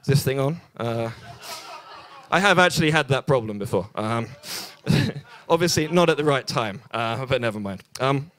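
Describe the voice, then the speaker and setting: Holding a stage mic at an open mic night in a bar, a young British comedian delivers a dry, self-deprecating set at normal speed. His mid-range voice has a fairly bright tone and lively intonation, though he rambles, restarting often and saying um a lot.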